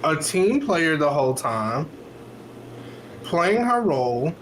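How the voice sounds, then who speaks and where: Male podcast co-host, fairly high voice, blunt and opinionated, faint noise behind him. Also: very animated, slow pace. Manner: blunt, opinionated, curses casually. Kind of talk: casual chat.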